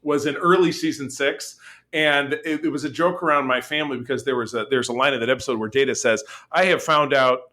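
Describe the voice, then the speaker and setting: A man co-hosting a casual podcast chat, animated, laughing often and trailing into restarts. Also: mid-range voice, quick pace. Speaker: podcast co-host.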